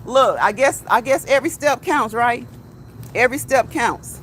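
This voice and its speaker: A woman's voice: high voice, unhurried. A woman hosting a live stream while walking outdoors, chatting to viewers, reading their comments aloud and tagging lines with "okay?" and "right?". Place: outdoors near a street and train tracks. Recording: outdoor street with traffic noise. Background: passing cars and a train.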